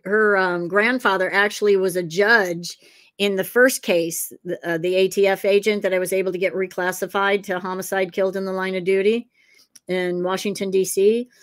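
A woman's voice: mid-range voice, steady tone, moderate pace. A woman who is a psychic detective and author, telling a long story in a casual interview over a video call, circling back with fillers as she goes.

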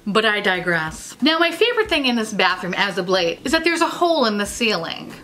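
A woman's voice: medium pitch, fairly quick, slight background noise. A beauty vlogger, a woman, tells a crude workplace story in a playful, dramatic way, swearing freely and breaking into laughs. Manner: profane, animated, breaks into laughter; playfully dramatic asides to viewers. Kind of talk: comic storytelling.

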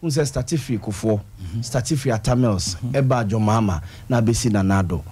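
A Ghanaian man on a radio panel, explaining his points with steady analysis. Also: lowish voice, moderate pace, breathy edge. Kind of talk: radio discussion.

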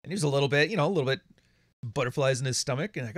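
A man's voice: mid-range voice, very fast, fairly bright tone, dry recording. A man hosting a casual monologue from his home studio, blunt and profane, often laughing. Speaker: podcast host.

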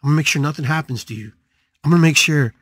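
A man's voice: a little high, racing, fairly bright tone, dry recording. A man voicing a devoted mother who makes repeated reassuring promises. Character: devoted caring mother, patient and protective.

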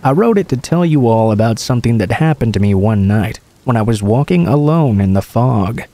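A man reads true scary stories aloud with a mellow, dark tone. His telling is steady and casual, like a friend recounting something that happened to him. The voice sits close and dry, with no room sound around it. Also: mid-range voice, a little fast, no room sound. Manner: steady, casual first-person storytelling. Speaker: horror story narrator.

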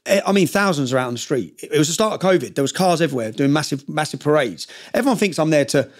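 A man telling a story as a guest on a podcast, rattling through it at a quick clip. His voice sits a little high for a man, and he drives each point home with emphatic tag questions. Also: lively intonation. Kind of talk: storytelling in a casual interview.

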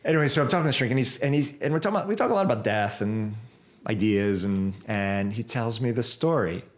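A man guest on a podcast, telling a personal story in a casual, animated way, cursing freely and repeating words as he goes. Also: mid-range voice, fast talker.

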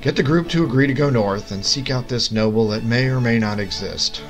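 A man voicing an angry, exasperated king who booms and scolds, with music behind. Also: brisk, close to an everyday voice, low-quality recording. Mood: stern. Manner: booming and scolding.

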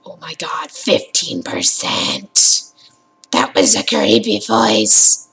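A woman's voice: medium pitch, takes it slowly, gravelly, fairly bright tone, husky. A tired young woman rambling casually in a gaming vlog, swearing freely and reading achievement lists aloud. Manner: chatty, swears a lot, reads achievements aloud. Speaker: gaming vlogger.

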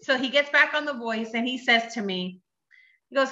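A woman's voice: a little high, fairly quick, bright, forceful tone. A woman giving an earnest personal faith testimony, telling her story and acting out the dialogue in it. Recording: dull roomy recording.

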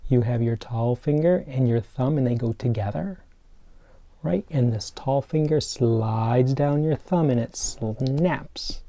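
A man teaching preschool children remotely, explaining step by step in a gentle, playful way. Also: mid-range voice, takes it slowly, no echo. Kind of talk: remote lesson for young children.

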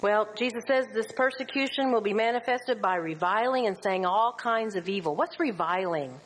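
A middle-aged woman teaching a women's Bible study, lively and full of rhetorical questions, sometimes acting out quotes. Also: mid-range voice, moderate pace, rough recording.

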